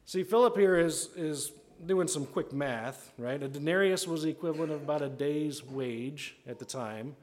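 A man's voice: a little high, normal speed, few pauses, a little mellow. A man preaching a sermon in a conversational way, often asking "right?" and acting out the voices of people he quotes. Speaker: pastor.

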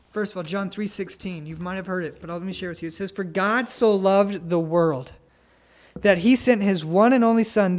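A man preaching an earnest sermon, telling family stories and pleading gently with listeners to come to faith. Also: high voice. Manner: earnest, pleading, tender pauses. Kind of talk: sermon with altar call.

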